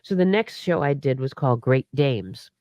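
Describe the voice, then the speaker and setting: Her voice is rumbling low, expressive and a little mellow, moving at normal speed with no room sound, though the recording is muffled. This middle-aged guest performer talks freely and laughs through a casual interview, often restarting and stumbling.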